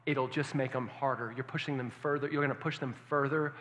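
A male pastor preaching a sermon, asking the congregation questions and swinging from hushed tones to loud emphasis. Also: medium pitch, steady tone, a little fast, a little hiss or hum. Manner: engaging, asks the congregation questions. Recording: long hall reverb.

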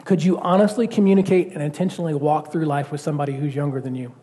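A man preaching a sermon in a conversational, animated way, often asking the congregation questions. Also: fairly high pitch, quick pace. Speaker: pastor. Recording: long reverb of a church hall.

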